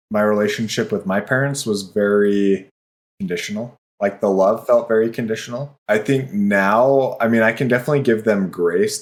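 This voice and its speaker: A man guest on a podcast, talking in a reflective, measured way. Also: on the low side. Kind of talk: casual chat.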